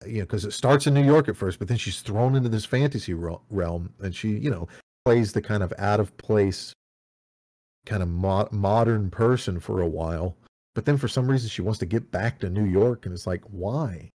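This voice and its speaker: A man's voice: lowish voice, normal speed, mellow. A man co-hosting an audio podcast, reviewing a video game in a casual, rambling way, swearing often and restarting his sentences. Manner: rambling, profane, with many restarts. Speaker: podcast co-host.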